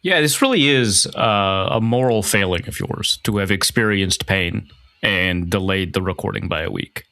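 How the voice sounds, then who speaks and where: Male co-host, deadpan sarcastic, sharp tone, dry close mic. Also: low voice, moderate pace, creaky, no room sound. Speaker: analyst and podcast co-host. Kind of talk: casual podcast chat.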